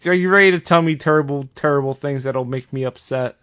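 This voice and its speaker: A man hosting a comedy podcast, talking in an exasperated, mock-outraged, animated way. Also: mid-range voice, fast. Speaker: podcast host.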